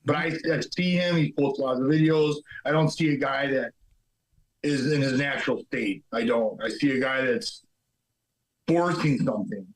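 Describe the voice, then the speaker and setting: Male fighter guest, mid-pitched, blunt and halting, stumbles over his words. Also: rough recording. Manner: blunt, halting, repeats words while thinking. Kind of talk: casual interview chat.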